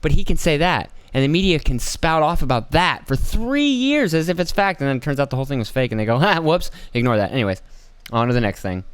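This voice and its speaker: A man's voice: on the high side, very animated, fast, clear, resonant tone, dry recording. A middle-aged man hosting a podcast, ranting about politics in a profane, sarcastic way and mocking people with put-on voices. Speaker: podcast host. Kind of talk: rambling political rant.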